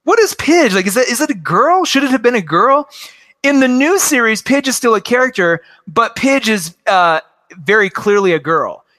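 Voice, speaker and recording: A man's voice: extremely high pitch, sing-song, moderate pace, pushed and bright. A man in his forties chatting enthusiastically about cartoons, rambling with lots of fillers. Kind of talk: casual chat about cartoons.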